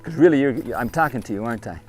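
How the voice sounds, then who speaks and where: A man's voice: medium pitch, expressive, fast talker, darkish tone. Stern man lecturing a group outdoors. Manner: stern, questioning, repeats commands. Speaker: trip leader addressing a group of kids.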